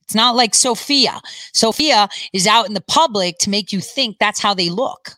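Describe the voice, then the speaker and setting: A woman vlogger pausing news clips for casual, conspiratorial commentary in an insistent way. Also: medium pitch, bright, forceful tone, dry recording.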